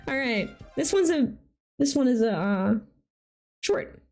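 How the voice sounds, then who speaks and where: A woman's voice: a little high, expressive, measured pace, long pauses, music in the background. A woman hosting a live stream, chatting casually and reacting animatedly to viewers' artwork. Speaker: livestream host showcasing community art.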